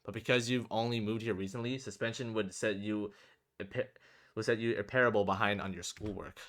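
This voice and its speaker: A man's voice: lowish voice, steady tone, a bit bright, natural voice. A man doing a cold, stern headmaster. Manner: formal, threatening, measured.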